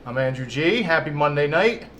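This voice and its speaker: A man's voice: a little high, animated, normal speed, fairly bright tone, a little hiss or hum. Rambling casual podcast host man. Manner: rambling, filler-heavy talk. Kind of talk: casual chat.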